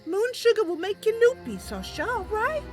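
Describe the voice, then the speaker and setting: A woman's voice: extremely high pitch, sing-song, normal speed, faint music behind, pitched above the performer's own voice. A woman voicing a cheerful young female wood elf adventurer, chirpy, eager and polite.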